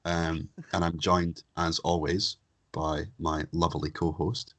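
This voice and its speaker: A man's voice: deep voice, level tone, measured pace. A young man hosting a podcast, bantering with crude jokes in a casual comedic chat. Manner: jokey, bantering, crude humor. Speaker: podcast host.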